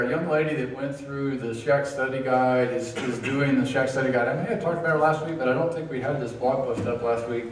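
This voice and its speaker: A man of middle pitch leads a church study group, halting and full of fillers, his voice now and then thick with feeling. He is heard from a distance in a very echoey room, with a faint hum of ambience behind him. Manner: halting, many fillers, gets emotional. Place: church hall. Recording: echoey room, far from mic.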